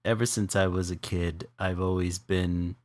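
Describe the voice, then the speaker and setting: A man spinning a funny personal story in an easygoing chat. He laughs a lot and his voice leaps up when the story gets exciting. The sound is dry and close, with no room around it. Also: deep voice, moderate pace, no room sound. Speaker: co-host of an art stream.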